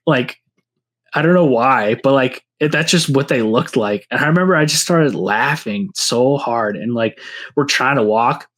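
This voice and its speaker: A man tells casual stories as a podcast guest. His voice sits at a middle pitch. He rambles, scattering "like" and restarting his sentences. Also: normal speed, fairly bright tone. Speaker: podcast guest, seed breeder. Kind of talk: casual storytelling.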